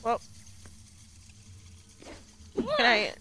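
Woman streamer, live game commentary, panicky exclamations, high lively voice, slow pace. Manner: panicky, repeated exclamations and frequent laughter. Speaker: streamer playing a video game. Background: game music.

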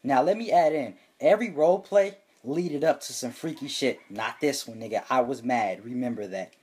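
A young man telling a comedic, profane story for his vlog, reading chat screenshots aloud with loud, animated bursts. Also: mid-range voice, normal speed, husky.

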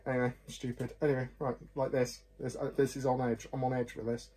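A man's voice: medium pitch, little pitch movement, brisk, warm tone, husky. A man reviewing whisky glasses in a chatty, rambling, self-deprecating way, often apologising. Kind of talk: casual chat to camera.

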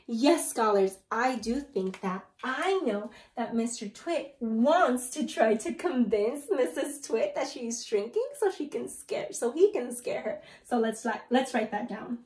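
A woman teacher reading a story aloud to young students and encouraging them as she goes. Her voice sits fairly high and she speaks at a slow, careful pace. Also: expressive, darkish tone. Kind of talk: read-aloud lesson.

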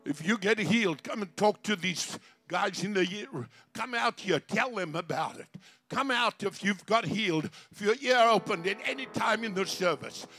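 A man pastor preaching a fiery revival sermon from South Africa, shouting praise and speaking in tongues. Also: high voice, normal speed, soft background music. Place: outdoor city square service.

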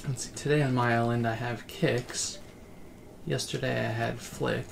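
A man with a gravelly, creaky voice chatting loosely through a laid-back game livestream. He rambles between thoughts and reads viewers' messages aloud. Soft game music plays faintly behind him. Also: mid-range voice, fairly even intonation, a little slow. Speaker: streamer. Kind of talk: casual game livestream chat.

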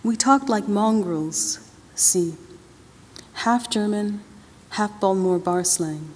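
Taking her time in a mid-range voice, a female novelist reads from her book at an awards event, using a drawling, colloquial first-person narration. She speaks into a podium mic in a big hall with long reverb and a little background noise.

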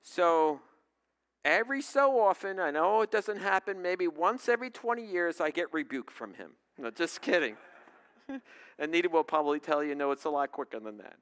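Animated storytelling male pastor. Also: high-pitched, moderate pace. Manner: storytelling, conversational, asks the congregation questions. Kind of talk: sermon.

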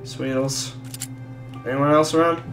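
A let's-play gamer talks over the game at an unhurried, drawn-out pace in a mid-pitched voice. The chatter is crude and joking, full of swearing and sudden loud laughter. Faint game music plays underneath. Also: steady tone. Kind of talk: casual gameplay commentary.

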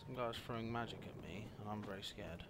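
A young man doing let's play commentary, swearing a lot and often breaking into angry yells. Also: fairly low pitch, fast talker, heavy background noise. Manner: swearing, frequent angry yelling outbursts. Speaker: gaming youtuber.

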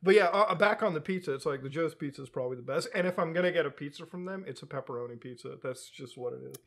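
Podcast co-host, man, high voice, animated, foul-mouthed, laughs mid-sentence. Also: fast. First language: Hindi. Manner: animated, swears a lot, laughs while talking. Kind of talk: casual chat.

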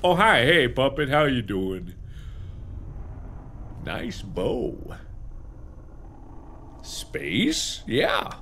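A man hosting a horror game let's play, excitable and rambling, slipping into silly baby talk. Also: mid-range voice, very slow, pauses often, background noise. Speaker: gaming video host.

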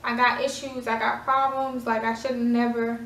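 A woman's voice: on the high side, level tone, moderate pace, fairly bright tone. A woman voicing a tearful, remorseful young man in a whispered role-play. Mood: hushed remorse. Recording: echoey room, voice from far off.

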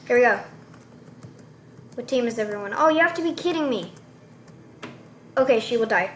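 A young female gamer giving playful, joking commentary while she plays, with sudden excited outbursts. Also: on the high side, normal speed, slight background noise. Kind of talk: casual gameplay commentary.

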